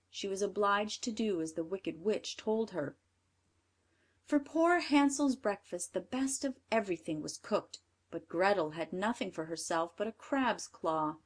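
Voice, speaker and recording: A woman narrating a fairy tale aloud, with measured, expressive storytelling. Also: mid-range voice.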